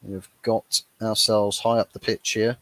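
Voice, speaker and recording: A young man with a low, deep voice gives live reaction commentary on a football match, talking casually as an anxious fan. The sound is dry and close, with no room echo. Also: level tone, unhurried, fairly bright tone. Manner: chatty, laughs at his own jokes, frustrated fan. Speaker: fan watchalong host.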